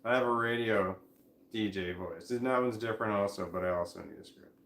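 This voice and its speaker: A tired, high man rambling casually in a vlog, talking drowsily with a slight slur while lying down at home. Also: a little fast, fairly bright tone, roomy sound. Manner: drowsy, rambling, laughs to himself. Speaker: vlogger.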